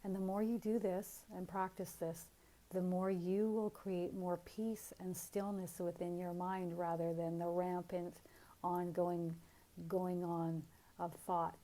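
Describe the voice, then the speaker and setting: Calm, mellow-voiced woman spiritual teacher. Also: on the low side, slow pace. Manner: calm, earnest and encouraging.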